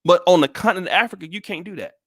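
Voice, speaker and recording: A man's voice: sits high, racing, fairly bright tone, dry recording, clean studio sound. An American man giving blunt, profane commentary on a live stream, with many restarts. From United States. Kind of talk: casual livestream commentary.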